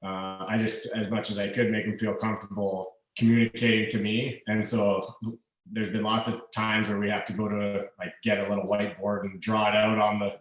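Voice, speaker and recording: A man's voice: fairly low pitch, little pitch movement, reverberant, recorded from a distance, poor audio. A man in his thirties, a hockey player guest, chatting easily with lots of fillers and restarts. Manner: easygoing, halting with fillers and restarts. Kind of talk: casual interview chat.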